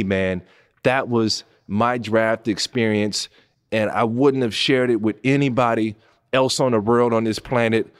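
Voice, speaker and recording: Telling listeners a personal story, this podcast host from Pasadena, California, a former NBA player in his thirties, talks with lots of animation. Excitement pushes his voice up high, while moving moments bring it down low and quiet.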